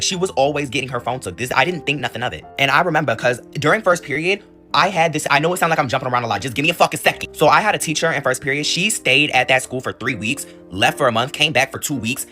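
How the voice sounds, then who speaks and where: Rapid-fire, profane young man storyteller. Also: mid-range voice. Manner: profane, animated, rambling storytelling. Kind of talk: casual storytime.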